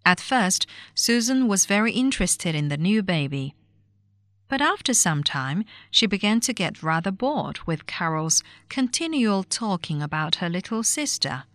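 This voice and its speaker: A woman narrating a short story for a language listening test, with clear, measured enunciation. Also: mid-range voice, very animated, a bit bright, no echo. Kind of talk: scripted reading for a language test.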